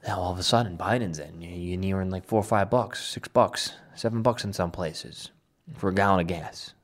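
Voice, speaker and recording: Low-voiced excitable male commentator. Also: moderate pace. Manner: excitable, emphatic, often rambling. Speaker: political commentary host. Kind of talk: opinionated commentary.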